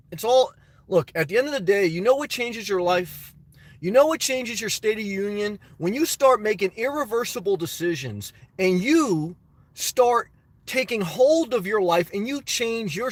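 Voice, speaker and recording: A man with a high, bouncy voice that swings widely in pitch, joking through a mock-solemn address and laughing often. He speaks from inside a car into a phone, and the sound is close and dry. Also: no room sound. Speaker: livestreamer.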